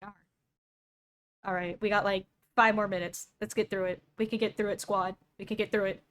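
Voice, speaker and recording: A woman's voice: mid-range voice, level tone, moderate pace, fairly bright tone, slight background noise. Joking young woman streamer. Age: young adult. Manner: joking, sarcastic asides. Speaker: streamer reacting to a video. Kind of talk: casual reaction commentary.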